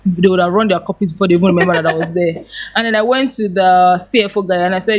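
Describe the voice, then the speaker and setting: A woman's voice: lowish voice, steady tone, fast. A woman, a podcast guest telling her story animatedly and laughing often.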